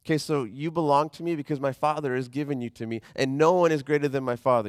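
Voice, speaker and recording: A man preaching a sermon as pastor in a conversational, animated way, slowing down when he reads scripture. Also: medium pitch, dry recording, studio quality.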